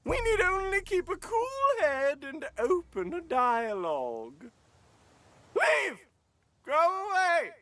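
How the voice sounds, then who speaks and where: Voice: extremely high pitch, huge pitch swings, slow pace, bright, forceful tone, no echo, heavily acted. A performer voicing a haughty, pompous elf queen and mother in a comedy parody, with an imperious manner.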